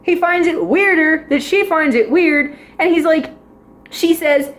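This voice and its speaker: Young woman with a high voice, rambling drama reviewer, giggles through her thoughts. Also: measured pace. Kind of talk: casual spoken review.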